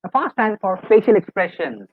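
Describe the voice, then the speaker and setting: A man's voice: high voice, sing-song, normal speed, slightly rough. A middle-aged man, a life coach giving a live webinar lecture in an earnest, coaxing, repetitive way. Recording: dry, tinny phone-like online call audio.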